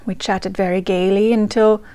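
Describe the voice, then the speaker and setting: A woman's voice: mid-range voice, level tone, normal speed, dark tone, clear, resonant tone, close to an everyday voice. A woman reading aloud as a chatty young 1920s English woman diarist, in a put-on English accent. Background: faint ragtime music.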